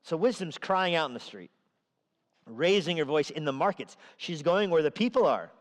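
A man's voice: fairly high pitch, lively intonation, normal speed, in a large hall. A man preaching a sermon in a conversational way, sometimes acting out the voices he quotes. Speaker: pastor. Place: church sanctuary.

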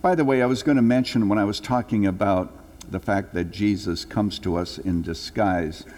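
Older preacher in a reverberant sanctuary. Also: male voice, darkish tone. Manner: earnest storytelling, rising for emphasis then dropping low and slow. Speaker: pastor. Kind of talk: sermon. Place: church sanctuary. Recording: long hall reverb.

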